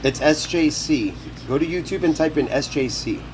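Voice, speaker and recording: A man's voice: on the high side, moderate pace, noisy background. A young man live-streaming from his kitchen on his phone, talking rowdy and profane while he cooks. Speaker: livestreamer. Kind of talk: casual live-stream talk while cooking.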